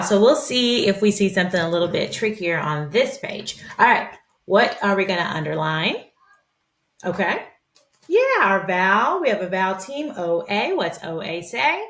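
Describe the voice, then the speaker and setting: A woman teaching young children to read, giving patient phonics instruction with encouraging, sing-song praise and slowly stretched sounds. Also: mid-range voice, fairly bright tone, far from the mic. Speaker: reading teacher. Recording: roomy echo, speaker away from the mic.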